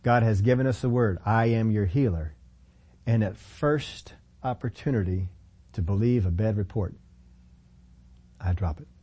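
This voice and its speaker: A man's voice: lowish voice, normal speed, pauses often, mellow, slightly rough. A middle-aged man preaching a sermon as pastor, emphatic, repeating phrases and acting out quotes.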